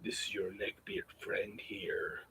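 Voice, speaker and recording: A man whispering as a hushed podcast-host persona, whispered role-play. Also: lowish voice, monotone, voice pushed down, poor audio. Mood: teasing. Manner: breathy, slow whisper.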